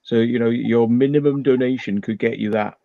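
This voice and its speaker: A man's voice: mid-range voice, fairly even intonation, a little fast, no echo, narrow, tinny audio. A man hosting a casual chat, rambling with repeated words and restarts. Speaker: channel host.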